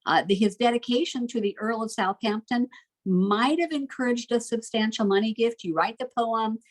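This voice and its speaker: A middle-aged woman teaching a recorded literature lesson, reading rhymes and word lists aloud in a lively sing-song way. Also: a little high, moderate pace, rough recording. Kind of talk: recorded homeschool literature lecture.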